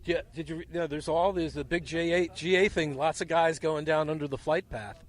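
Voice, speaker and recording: A man hosting a field interview outdoors at a small airfield, telling animated, jokey stories into a handheld mic. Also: fairly high pitch, brisk. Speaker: host.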